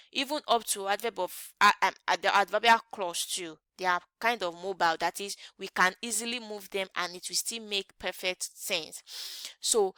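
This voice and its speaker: Woman English teacher, bright crisp voice, dry close sound, quizzes the class with "what?" questions. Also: medium pitch, no room sound. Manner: asks the class rhetorical "what?" questions and answers them; repeats example sentences slowly. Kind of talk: grammar lesson.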